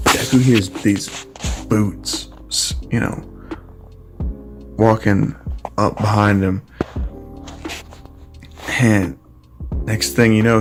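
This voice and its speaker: A man casually retelling a fan story, rambling with many fillers and crude swearing. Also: on the low side.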